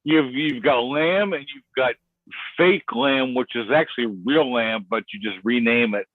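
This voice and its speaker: A man talking as a guest on a call, insistent and halting, repeating words as he makes his point. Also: medium pitch, no room sound. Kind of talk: casual chat. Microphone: online call. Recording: tinny phone-like line.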